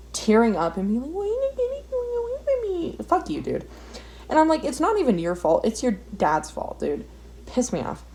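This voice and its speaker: A woman's voice: lowish voice, darkish tone, rough recording. Ranting, foul-mouthed young woman. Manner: ranting, profane, exasperated. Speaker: vlogger. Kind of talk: casual storytime while drawing.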